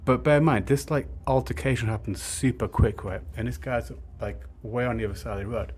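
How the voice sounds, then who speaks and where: A man's voice: medium pitch, fairly even intonation, fairly quick, darkish tone, breathy edge. A young man telling a rambling, sweary story, with lots of filler words. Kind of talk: casual storytime monologue.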